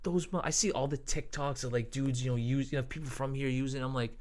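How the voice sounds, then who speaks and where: A man's voice: mid-range voice, fast talker. A man in his twenties from Boston, hosting a podcast and chatting casually with jokes, banter and swearing. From Boston, Massachusetts. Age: 20s. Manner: animated, swearing, jokey banter. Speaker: podcast host. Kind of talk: casual chat.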